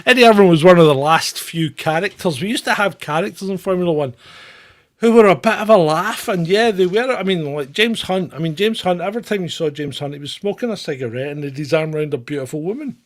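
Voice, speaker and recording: Middle-aged guy rambling on a stream, irreverent, chuckles a lot, voice sits a bit high. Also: lively intonation, fast. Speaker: channel host. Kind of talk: casual livestream chat.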